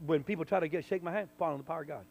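A man, a minister, telling a personal testimony in conversation, full of restarts and sudden loud bursts. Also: fairly high pitch, rapid-fire, vocal fry, low-quality recording. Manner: animated storyteller, stammering restarts, bursts loud when quoting. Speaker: minister, guest.

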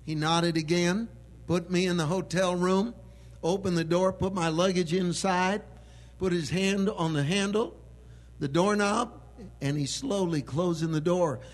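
A man preaching a sermon with emphatic delivery that swells into loud proclamation. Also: high-pitched, steady tone, a little slow.

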